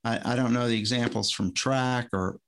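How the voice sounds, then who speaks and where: A man's voice: mid-range voice, steady tone, moderate pace, fairly bright tone. A man, a former swim coach, chatting on a podcast in a rambling, self-interrupting way, often restarting his sentences. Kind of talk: casual podcast conversation.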